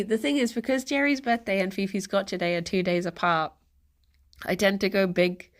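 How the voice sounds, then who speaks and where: A young woman chatting casually on a live stream, rambling and giggling often as she reads the chat aloud. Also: medium pitch.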